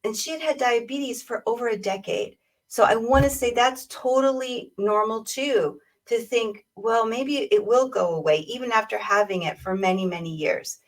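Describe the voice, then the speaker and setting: A woman's voice: on the high side, normal speed, recorded from a distance. A woman diabetes educator on a webinar, speaking conversationally and acting out little exchanges with patients. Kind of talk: webinar talk. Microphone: video call.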